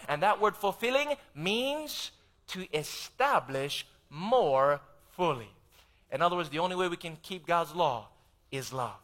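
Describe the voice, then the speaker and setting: A man preaching a sermon, emphatic and urging the congregation to say amen, swinging between loud and soft. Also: high voice.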